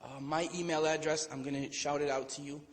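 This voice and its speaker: A man's voice: a little high, steady tone, fairly quick. A man giving an Islamic lecture to an audience in a hall, telling a story conversationally with playful asides. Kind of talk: storytelling sermon. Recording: long hall reverb.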